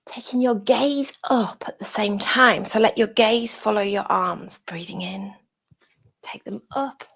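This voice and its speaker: Yoga teacher, british woman, slow and husky, gravelly edge, gentle breathy cues on a video call. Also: a little high. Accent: British English. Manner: soft-spoken breathy cueing, often whispered. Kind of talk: guided yoga class over video call.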